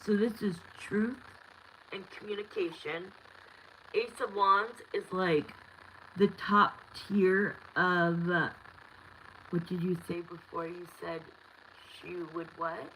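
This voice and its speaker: Woman, 30s, tarot reader, blunt and chatty, slow unhurried delivery, lowish voice, faint ambience behind. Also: fairly even intonation, a bit bright, slight background noise, rough recording. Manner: candid, chatty, blunt, lots of "like" fillers. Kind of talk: live-stream tarot reading.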